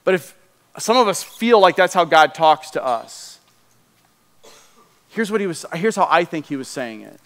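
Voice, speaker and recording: A man preaching a sermon as pastor, conversational and animated, dropping to a hushed tone in prayer. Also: fairly high pitch, normal speed, long pauses. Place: church sanctuary. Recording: long hall reverb.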